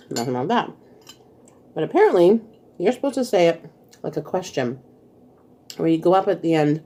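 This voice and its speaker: A woman's voice: lowish voice, animated, normal speed, long pauses, dark tone. A woman hosting a casual eating vlog, chatting while she eats and laughing often. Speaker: vlog host. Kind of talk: casual mukbang chat.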